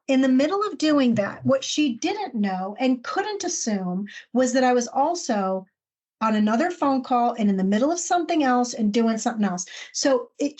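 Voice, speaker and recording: A woman co-hosting a podcast, telling a workplace story in animated conversation and acting out the quoted lines. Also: on the high side. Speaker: podcast co-host.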